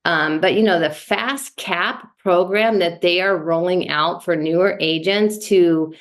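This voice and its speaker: A woman shares her reactions in a casual team meeting. Her speech rambles with frequent fillers, and her voice sits on the low side. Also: measured pace. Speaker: meeting participant. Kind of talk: casual chat.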